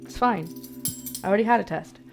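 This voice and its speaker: A young woman from the UK chatting casually on a cooking livestream, reading out recipe steps and reacting to her chat with excited disbelief, talking into a streaming mic in her home kitchen. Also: medium pitch, a little fast, creaky. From United Kingdom. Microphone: streaming microphone. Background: guitar music.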